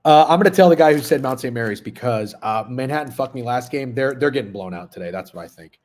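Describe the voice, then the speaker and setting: A man's voice: medium pitch, lively intonation, fast, darkish tone. A man in his thirties hosting a sports betting stream, chatting casually and profanely while reading chat messages. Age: 30s. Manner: profane, rambling, talks with mouth full at times. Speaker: sports betting show host.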